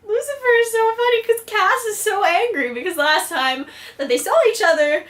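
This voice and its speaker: Bubbly high-voiced young woman vlogger. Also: moderate pace, a bit bright. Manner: bubbly, chatty, frequent "like" fillers, acts out quotes. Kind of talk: casual episode recap.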